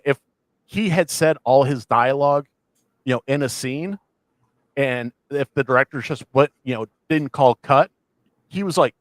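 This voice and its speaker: A man co-hosting a casual podcast, rambling with many restarts as he excitedly retells scenes. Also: medium pitch, dry recording. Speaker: podcast co-host. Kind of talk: casual chat.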